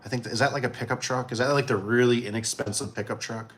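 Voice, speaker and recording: A man from Michigan hosting a casual livestream, talking in a relaxed, rambling way and chuckling often. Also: mid-range voice, fast, background noise. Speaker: livestream host.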